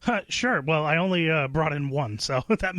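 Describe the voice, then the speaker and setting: A man's voice: on the high side, expressive, moderate pace, fairly bright tone, dry recording. A man co-hosting a talk radio show, hesitant, with many fillers and frequent chuckles. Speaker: radio co-host. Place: radio studio. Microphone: studio microphone.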